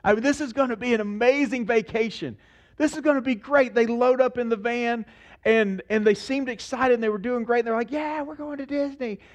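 Man preaching, lively storytelling sermon, high voice, muffled lo-fi sound. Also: a little fast. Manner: animated preaching, acts out voices. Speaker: pastor.

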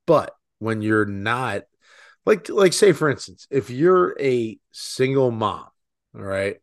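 A man's voice: medium pitch, big pitch swings, slow pace, dry recording, clean studio sound. Rambling man in casual podcast chat. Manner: rambling, many "like" fillers. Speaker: podcast co-host.

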